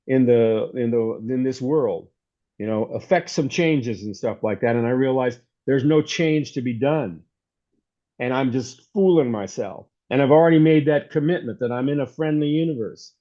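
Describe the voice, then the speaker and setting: A man's voice: mid-range voice, mellow. A man giving an informal, rambling sermon as a pastor, telling stories in a conversational way. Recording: dull lo-fi recording.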